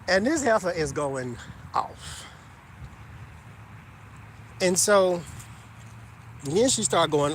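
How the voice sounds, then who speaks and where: A man telling a story to his viewers in an animated, gossipy and emphatic way. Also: high voice, slow, long pauses, slight background noise. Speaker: vlogger. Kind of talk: casual storytelling to camera.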